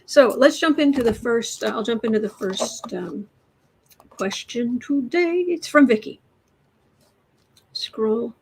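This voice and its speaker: A woman's voice: fairly high pitch, husky, poor audio. A woman hosting a tarot livestream in a casual, rambling way, greeting viewers from the chat and chatting as she goes. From United States.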